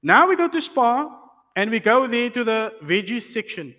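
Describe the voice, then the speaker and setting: A man with a high, bright voice lectures a class on Islamic law. He explains patiently and keeps checking that the students follow. The sound carries a long reverb from the hall. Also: very animated, moderate pace. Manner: explains patiently, checks understanding with rhetorical questions.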